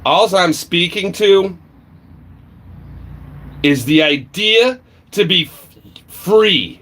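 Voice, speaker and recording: A man ranting on a livestream, swearing a lot and swinging between shouting and low muttering. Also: lively intonation, very slow. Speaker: livestream vlogger. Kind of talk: angry profane rant.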